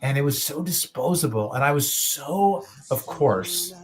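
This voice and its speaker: A man's voice: medium pitch, expressive, unhurried. A man in his late thirties co-hosting a casual podcast, rambling with lots of swearing and restarts. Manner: rambling, profane, restarts a lot. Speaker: podcast co-host.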